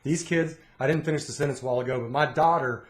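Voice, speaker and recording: A man's voice: mid-range voice, fast. Middle-aged guy telling stories on a podcast, acts out the quotes, voice in the middle. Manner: animated storyteller, acts out quotes. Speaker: podcast co-host. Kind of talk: casual chat.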